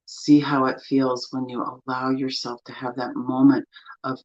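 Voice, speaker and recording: A woman coaching listeners through grief with a gentle, soothing, encouraging manner and guided tapping. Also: rumbling low, flat delivery, measured pace. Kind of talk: guided self-help talk with tapping. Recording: slightly dull lo-fi sound.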